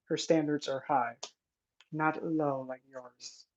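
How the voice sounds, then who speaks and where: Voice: medium pitch, steady tone, slow pace. An occult content creator giving casual vlog commentary in an indignant, sarcastic manner. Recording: dull lo-fi recording.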